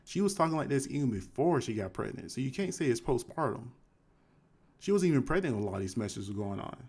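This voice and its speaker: Male host, casual commentary, reads quotes in a flat low tone. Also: quick pace, breathy edge. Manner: conversational, shifts to flat low reading voice for quoted texts. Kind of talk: live commentary reading text messages aloud.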